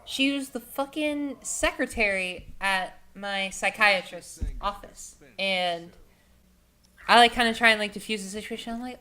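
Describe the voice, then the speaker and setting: A woman's voice: mid-range voice, normal speed, pushed and bright. A young adult woman telling a story casually, rambling and profane, with many filler words. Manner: rambling, profane, heavy with "like" and "you know".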